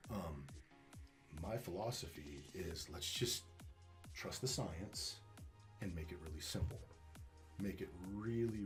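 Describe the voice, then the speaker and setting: A man speaking as a dog trainer being interviewed, talking casually and emphatically, swearing and repeating words as he restarts. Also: low-pitched.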